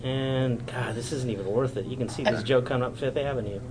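A man's voice: medium pitch, fairly quick, crowd noise, rough recording. A man hosting a podcast in casual chat, self-mocking and joking. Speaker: podcast host.

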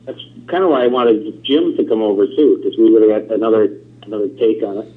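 A man's voice: fairly low pitch, a little fast. A man chatting casually with friends, rambling with lots of "like" and "uh". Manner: relaxed, filler-heavy rambling. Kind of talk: casual chat. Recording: tinny phone-like line.

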